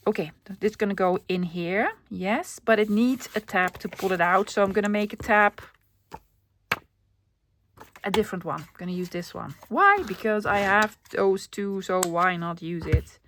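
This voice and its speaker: Dutch woman, crafting host, casual self-narration, soft asides, mid pitch. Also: normal speed, a little hiss or hum. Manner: chatty, self-narrating, often drops to a soft whisper.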